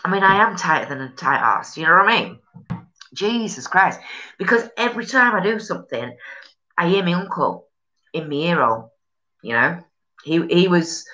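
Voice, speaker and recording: A woman's voice: deep voice, sharp tone, low-quality recording. A woman with a Yorkshire accent hosting a casual live stream, chatting bluntly and rambling with sweary northern slang. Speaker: live stream host reading viewer comments. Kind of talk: casual chat.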